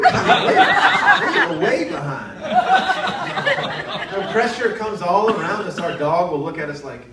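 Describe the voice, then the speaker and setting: A thirties-aged man from North Carolina performs a self-deprecating stand-up set on an arts center stage, slipping into quoted voices as the audience laughs. His voice is slightly high with huge pitch swings and a moderate pace. The recording is distant and echoey, with loud hiss.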